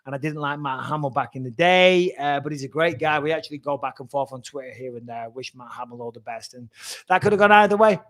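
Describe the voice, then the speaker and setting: A man in his forties, a former fighter turned commentator, hosting a casual live Q&A, answering viewer questions bluntly, quickly and with frequent swearing. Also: medium pitch, a bit bright.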